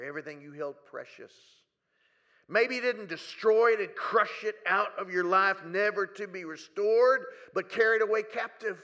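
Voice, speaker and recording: A man preaches to a congregation in a church hall, his fairly high voice sinking to hushed near-whispers and then climbing to loud, pleading cries. He often stretches his words out slowly, giving the sermon a drawn-out phrasing.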